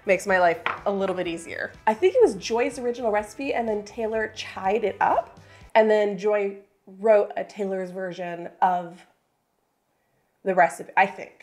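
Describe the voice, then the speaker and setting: A woman's voice: medium pitch, moderate pace, darkish tone, slight background noise. A woman hosting a home baking video, chatting along in an upbeat, thinking-aloud way in her kitchen. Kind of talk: casual baking vlog chat.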